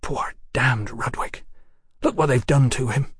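A man puts on a flustered Victorian scientist, raised and anxious, blurting his words in wounded indignation. The voice is middle-pitched and recorded dry and close. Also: a little slow, slightly rough, no room sound. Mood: agitated.

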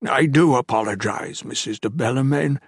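A man's voice: mid-range voice, moderate pace, creaky, husky, no echo, studio quality. A man voicing a stiff, formal village clergyman. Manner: formal, apologetic. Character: proper, earnest village clergyman. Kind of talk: audiobook character voice.

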